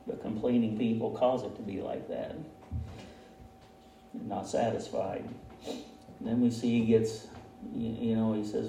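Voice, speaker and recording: Fairly low, dark, and creaky, this pastor's voice stays steady as he talks a little slowly with long pauses. His sermon is conversational and folksy, full of chuckles at himself, recorded from a distance in an echoey church hall with a little hiss or hum.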